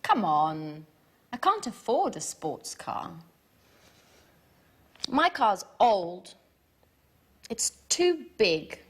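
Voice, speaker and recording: An actress playing Anne, a woman asking a friend for advice on buying a car, in a scripted language-course dialogue with clear, careful delivery. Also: medium pitch, big pitch swings, extremely slow, pauses often, exaggerated voice. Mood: explaining. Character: Anne, woman shopping for a modest new car.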